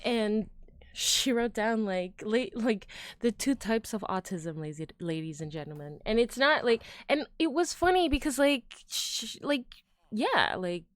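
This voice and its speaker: A woman streamer chatting casually with her chat while crafting, rambling with fillers and trailing off into quiet mutters as she works. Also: medium pitch, no echo, clean studio sound. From United States.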